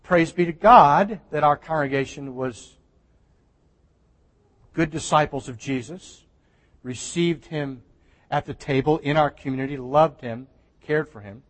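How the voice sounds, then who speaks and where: A man pastor preaching a sermon in a conversational way, with restarts and soft laughs, recorded in a church. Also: fairly high pitch, measured pace, long pauses. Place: church sanctuary. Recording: church hall reverb.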